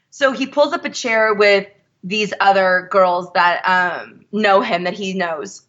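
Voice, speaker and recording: Woman guest, bright and forceful, animated storyteller, dull lo-fi recording. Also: mid-range voice, slow. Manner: animated, quotes others in her story. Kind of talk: casual storytelling.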